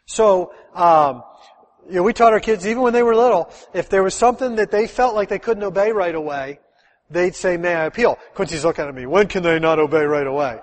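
A middle-aged man, a pastor, preaching a sermon in a lively, conversational way full of rhetorical questions. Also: high voice, in a large hall.

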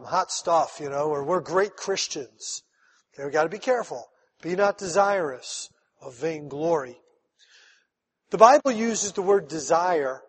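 A man, a pastor, preaching a conversational sermon that builds to emphatic, rising calls to his congregation. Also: sits high. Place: church sanctuary. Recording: long hall reverb.

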